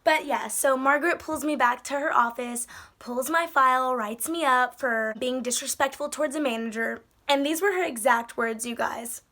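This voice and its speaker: A young woman with a high voice tells a storytime vlog into her phone. She is sassy and animated, slipping into mocking voices as she quotes people. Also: moderate pace. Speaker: vlogger. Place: indoors by a wall.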